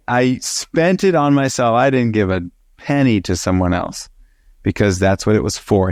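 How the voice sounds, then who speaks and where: A man teaching a Bible study, telling a personal story with lively acted-out dialogue and frequent laughter. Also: mid-range voice, dry recording. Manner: animated storyteller who acts out dialogue and laughs.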